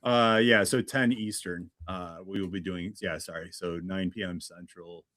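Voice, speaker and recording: A chatty man hosting a livestream, greeting viewers by name in an easygoing way. His voice sits on the low side. The sound is dry and close, with no room around it. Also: fairly even intonation, moderate pace, fairly bright tone, no room sound. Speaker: livestream host. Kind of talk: casual livestream chat.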